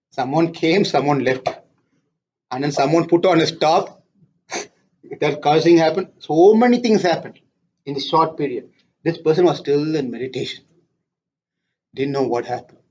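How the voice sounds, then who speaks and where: A man teaching a scripture class, telling a story in a lively way and putting questions to his audience. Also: a little high, moderate pace, pauses often, husky. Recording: dull lo-fi lecture recording.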